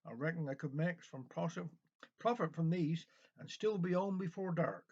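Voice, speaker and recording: A man's voice: a little high, lively intonation, normal speed, a little mellow, breathy edge. Man voicing an old fishwife, defiant, scornful, lo-fi recording. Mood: pleased. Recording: dull lo-fi recording.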